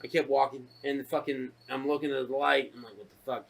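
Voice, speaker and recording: A man co-hosting a podcast, telling a casual story full of profanity and acting out his own shouted lines. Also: mid-range voice, fast talker, gravelly, slight background noise. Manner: profane, animated, acts out shouted quotes. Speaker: podcast co-host.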